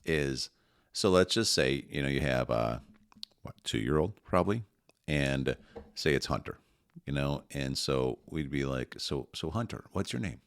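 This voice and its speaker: A middle-aged man co-hosts a parenting show and walks through his examples one step at a time. His voice is very deep and close-miked. The sound is dry, with no room around it. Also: a little slow, smooth, dry recording. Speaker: parenting podcast co-host. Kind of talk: casual conversational advice.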